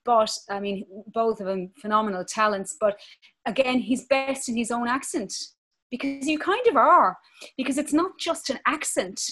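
An Irish woman in her thirties, an actress talking in an interview, animated and passionate. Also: fairly high pitch, moderate pace. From Ireland. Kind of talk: conversational interview.

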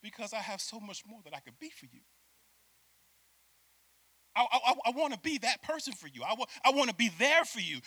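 A male preacher delivers an animated sermon in a high, lively voice that rises and falls widely. He acts out little scenes, laughs often and calls out to his listeners. The sound is dry and close. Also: no room sound.

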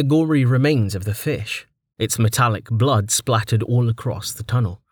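A man narrating a fantasy audiobook in a steady, even storytelling manner. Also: mid-range voice, normal speed, slightly rough, dry recording, studio quality.

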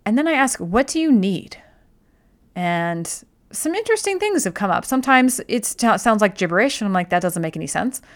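A middle-aged woman hosting an advice talk, speaking gently and reflectively with fillers and restarts. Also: fairly low pitch.

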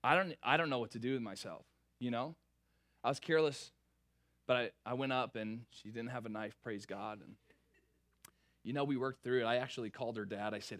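A young man preaching, telling a funny story from his early marriage in a lively, playful way before turning earnest. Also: mid-range voice, fairly quick. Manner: animated, playful storytelling with big swings in energy. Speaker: pastor. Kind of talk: sermon with a personal story.

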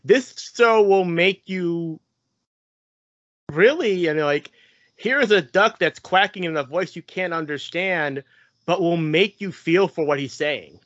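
A man's voice: high voice, a little slow, fairly bright tone, no room sound. A man co-hosting a podcast, chatting casually and rambling with fillers and repeated words. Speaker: podcast co-host. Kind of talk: casual chat. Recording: dull lo-fi podcast mic.

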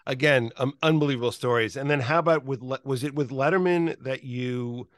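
A man's voice: medium pitch, fairly quick, no room sound. A man hosting a casual interview, talking in a loose, reflective way. His voice sits in the middle for a man. The recording is dry, with no room sound. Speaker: podcast host, former page.

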